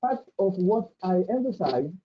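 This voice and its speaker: A woman, speaking as a panelist in an academic webinar, talking in a measured, deliberate way and using anecdotes to make her points. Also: lowish voice, big pitch swings, slight background noise. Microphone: video call. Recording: dull lo-fi video call audio.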